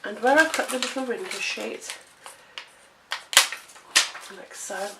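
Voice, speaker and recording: Speaking slowly in a fairly high voice, a woman shows how to make a card in a craft tutorial. She's chatty and self-deprecating, out of breath, coughing, and laughing at her slips as she works. Echo, a far-off mic, and background noise mark the recording.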